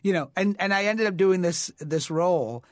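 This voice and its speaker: A man's voice: high-pitched, normal speed, no echo, studio quality. A man, an actor, talking casually in an interview and telling stories in a reflective way, with frequent fillers and restarts. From United States. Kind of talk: conversational interview storytelling.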